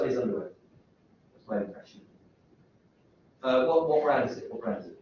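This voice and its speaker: A man lectures at a university, rambling, interrupting himself, and peppering students with rhetorical questions. His voice is fairly high and a little mellow, with a moderate pace and long pauses. It's recorded from far off in an echoey lecture hall, sounding dull, with a little hiss or hum.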